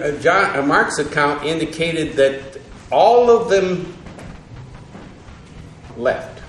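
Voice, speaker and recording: A man teaching an evening Bible lesson, halting, with frequent fillers and self-corrections. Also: mid-range voice, a bit bright, slight background noise. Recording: echoey room.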